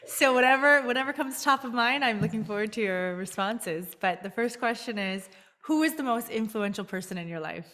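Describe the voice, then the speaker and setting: A woman's voice: fairly high pitch, lively intonation, brisk, a bit bright. Upbeat woman co-host, reverberant sound. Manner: upbeat, laughs easily. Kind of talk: interview questions, quick segment. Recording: long reverb.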